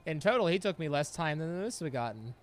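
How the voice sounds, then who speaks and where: A man's voice: a little high, big pitch swings, fast talker. A man giving casual gameplay commentary, chatty and laughing often, talking back at the game. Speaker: gameplay streamer.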